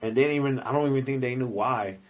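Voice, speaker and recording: A man's voice: mid-range voice, fast, low-quality recording. A man co-hosting a podcast in casual chat, talking loosely with slang and swearing freely. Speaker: podcast co-host and youth coach.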